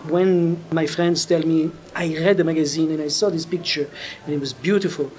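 A French Canadian man with a voice pitched a little high, talking at length as an interview guest and doubling up words for emphasis. A faint hiss sits under his voice. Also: steady tone, moderate pace, darkish tone. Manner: expansive, repeats words for emphasis. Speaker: magazine editor, guest. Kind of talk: interview answers.

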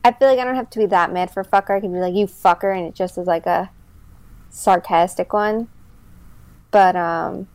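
A woman's voice: on the low side, normal speed, pauses often, clear, resonant tone. Chatty woman telling dog stories. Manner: chatty, animated storyteller, lots of fillers. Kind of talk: casual chat.

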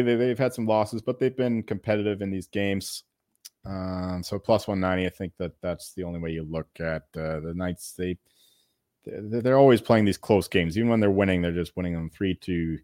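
A man co-hosting a podcast, rambling casually about hockey bets with halting restarts and the odd swear. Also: low-pitched, a little mellow, no echo, clean studio sound. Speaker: podcast co-host. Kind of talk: casual sports betting chat.

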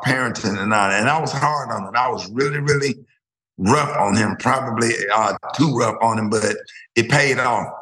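A man's voice: mid-range voice, sharp tone. Emotional man in an echoey room. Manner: emotional, rambling, repeats words. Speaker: guest. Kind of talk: emotional interview talk.

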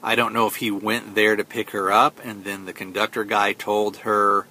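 A man's voice: fairly low pitch, flat delivery, moderate pace, sharp tone, slight background noise. Rambling man recapping a film. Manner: rambling, retells scenes with quoted lines, many fillers. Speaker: podcast host. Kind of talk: casual film review recap.

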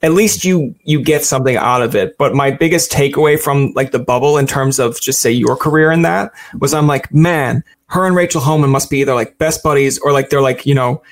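A man's voice: medium pitch, brisk, few pauses. A man interviewing a guest in a loose, rambling way, acting out quotes as he talks. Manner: chatty, rambling, acts out quotes. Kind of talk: casual interview chat.

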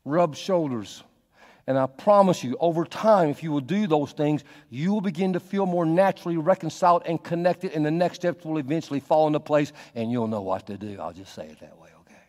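A man's voice: a little high, brisk. Man preaching in a long reverberant hall. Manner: dynamic preaching, swinging from soft to loud and emphatic. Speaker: pastor. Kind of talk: sermon.

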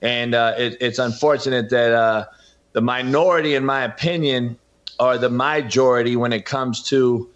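A man's voice: mid-range voice, steady tone, moderate pace, fairly bright tone. Passionate man on a muffled line. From California. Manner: passionate, emphatic, preachy. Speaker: podcast host and former coach, guest. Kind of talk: heated interview talk.

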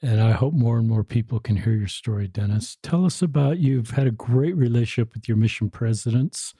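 A man hosting a podcast, asking measured, gently probing questions. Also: mid-range voice, husky, dry recording, studio quality. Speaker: podcast host. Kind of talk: interview questions.

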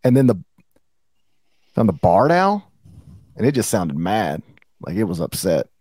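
A middle-aged man co-hosting a sports podcast, talking in a playful, rambling, animated way. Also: fairly low pitch, a little slow, slightly rough, dry recording. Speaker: podcast co-host. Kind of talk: casual sports podcast banter.

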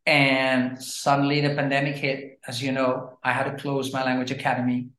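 A man from Brazil, a language educator telling stories in a casual, animated interview. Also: mid-range voice, normal speed. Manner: animated, chatty storytelling with frequent fillers. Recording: roomy echo.

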